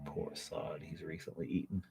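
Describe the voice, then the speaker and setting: Deep-voiced man chatting while painting. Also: flat delivery, normal speed, vocal fry, mellow, soft background music. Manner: rambling and self-mocking, jokey asides. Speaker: miniature painter and channel host. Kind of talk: casual chat while painting. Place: at home.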